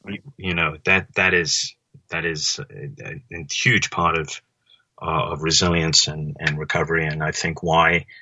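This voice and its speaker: A man's voice: a bass voice, flat delivery, a little slow, sharp tone, slightly rough, no room sound, muffled recording. A male podcast host summing up a point in a reflective way, with many restarts. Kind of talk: conversational interview.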